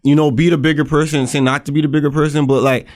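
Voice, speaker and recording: A man's voice: on the high side, level tone, racing. A man co-hosting a podcast in casual chat, heated and emphatic, repeating his points. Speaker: podcast co-host.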